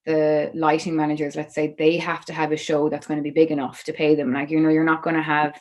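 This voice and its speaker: A woman's voice: deep voice, monotone, fast talker, a little mellow, rough recording. A young Irish woman, a musician guest on a podcast, telling her story in a chatty way full of "like" and "you know". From Ireland. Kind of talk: podcast interview.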